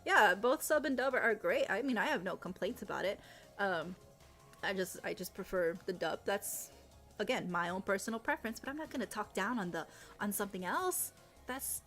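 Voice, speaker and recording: A loud, animated woman chats on her live stream, her voice sitting in a mid range. She turns emphatic and repeats herself when she rants. Soft music plays faintly underneath. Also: medium pitch. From Latin America. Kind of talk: casual live-stream chat.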